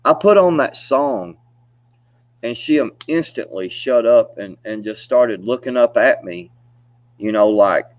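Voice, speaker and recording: A man's voice: medium pitch, lively intonation, unhurried. A man telling stories in a casual chat, laid-back and rambling, laughing often and filling gaps with "you know". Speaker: storyteller. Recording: dull, dry lo-fi recording.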